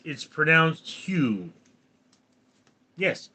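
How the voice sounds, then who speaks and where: Slow-talking man in his forties reading chat. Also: a little high, expressive, bright, forceful tone. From California. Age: 40s. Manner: reads out viewer comments and answers them dryly. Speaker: livestream host reading chat. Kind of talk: casual livestream chat.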